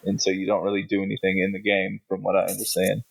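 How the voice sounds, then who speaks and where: A man's voice: low-pitched, completely flat delivery, fast talker, gravelly, slightly rough. A man co-hosting a podcast, chatting casually in a blunt, profane, sarcastic way. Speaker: podcast co-host. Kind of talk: casual chat. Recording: muffled lo-fi audio.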